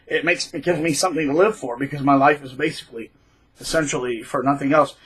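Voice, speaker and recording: A man's voice: medium pitch, quick pace, a bit bright, husky, poor audio. A man hosting his own channel, talking in a rambling casual monologue with many fillers and repeated words. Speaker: channel host.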